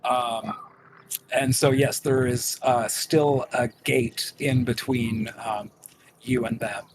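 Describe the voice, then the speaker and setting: Slow, hesitant man narrating a game. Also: medium pitch, fairly even intonation, background noise. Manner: slow, hesitant, lots of ums and uhs. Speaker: game master.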